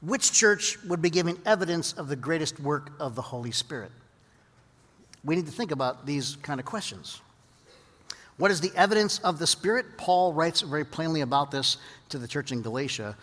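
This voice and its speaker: Male preacher, sermon storyteller, pitched up, echoing through a big hall. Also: normal speed. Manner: lively storyteller, drops to quiet earnest teaching. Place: large hall with audience. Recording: long hall reverb.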